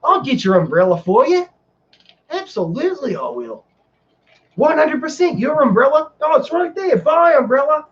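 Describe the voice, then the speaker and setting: A man's voice: very high-pitched, big pitch swings, moderate pace, a bit bright, far from the mic, dull audio, pitched above the performer's own voice, heavily acted. A man voicing a chirpy young Australian woman who works at a theme park ride, bubbly and over-eager to help.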